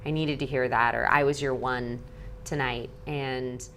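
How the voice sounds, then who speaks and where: Low-voiced chatty woman. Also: fairly even intonation, unhurried, fairly bright tone, slight background noise. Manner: bubbly, heavy use of "like", acts out quotes. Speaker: guest speaker and activist. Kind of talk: animated interview talk.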